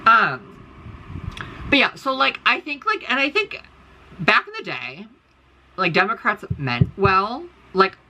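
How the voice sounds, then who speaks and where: Speaking into her phone indoors, a US content creator rambles casually to her followers, swearing bluntly and leaning on fillers. Her mid-range voice swings widely in pitch, is bright and forceful, and moves slowly with long pauses; the low-quality audio has a slight hiss or hum.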